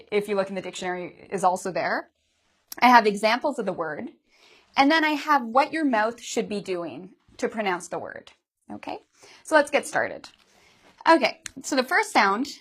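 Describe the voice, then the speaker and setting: A woman with a mid-pitched voice teaches a pronunciation lesson. She talks patiently, models each vowel slowly and clearly, and keeps asking her learners questions about what they see and hear. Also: fairly bright tone.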